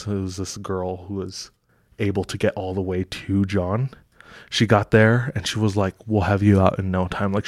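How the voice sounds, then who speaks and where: A man's voice: low voice, darkish tone, dry recording, studio quality. A man co-hosting a podcast, retelling a story in casual chat with lots of fillers. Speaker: podcast co-host.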